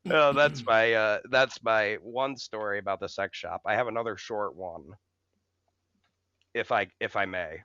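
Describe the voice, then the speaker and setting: A young man spins a rambling, profane story for his co-hosts, chuckling between lines. His voice is bright and clean, close to the mic with no room sound, though the recording is a little dull and muffled. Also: on the low side, a little slow, clear, resonant tone, no room sound. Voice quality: swears freely, laughs through the telling. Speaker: podcast co-host. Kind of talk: casual storytelling.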